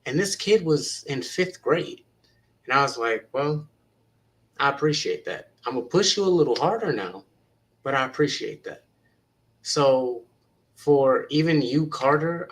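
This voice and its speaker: A man's voice: medium pitch, lively intonation, normal speed, poor audio. A man who is a teacher, earnestly encouraging young people in a panel talk and retelling conversations with students.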